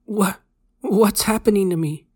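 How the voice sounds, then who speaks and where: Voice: mid-range voice, little pitch movement, normal speed, close to an everyday voice. Narrator voicing a terrified dying young man. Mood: panicked. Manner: pleading, panicked, breaking into sobs. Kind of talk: horror story reading.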